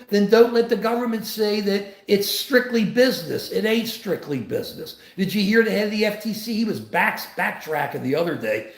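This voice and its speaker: Impassioned older man, high voice, roomy echo. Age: 70s. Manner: impassioned, rambling with restarts. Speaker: host. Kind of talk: political commentary on a live show.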